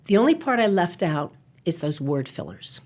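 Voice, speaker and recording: A woman's voice: fairly low pitch, big pitch swings, a little mellow. Articulate woman coaching on communication. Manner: articulate, measured, emphatic. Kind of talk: podcast interview.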